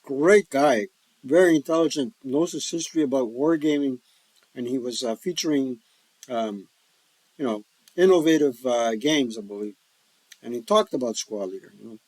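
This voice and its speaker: A man hosts a casual solo playthrough of a board wargame, full of jokes, rambling, and folksy remarks. His mid-range voice is darkish and moves at a moderate pace. It's a dry, low-quality recording.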